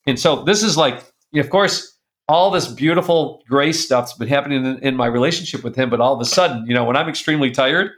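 An older man, a guest in an interview, tells a personal family story in an animated way, often laughing and reading old letters aloud. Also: mid-range voice, a little fast.

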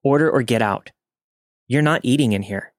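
A man's voice: mid-range voice, moderate pace, no room sound, studio quality, lightly acted. Fed-up young waitress, curt and stern, a male reader doing her lines.

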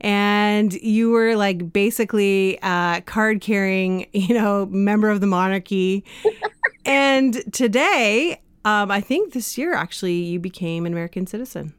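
A Canadian woman hosting a podcast interview, chatty and quick to laugh, often drifting into asides. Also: medium pitch, smooth, no echo, studio quality. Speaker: podcast host. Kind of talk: casual interview chat.

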